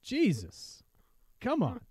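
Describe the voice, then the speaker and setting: Man, young adult, podcast co-host, playful, self-deprecating, animated pitch, dry sound. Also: takes it slowly, breathy edge, no room sound. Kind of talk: casual podcast banter.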